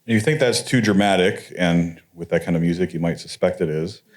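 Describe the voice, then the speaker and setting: A man's voice: low-pitched, a little fast, background noise. A man giving a conference lecture in a conversational way, with wry, sarcastic asides. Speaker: conference speaker. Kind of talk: academic lecture.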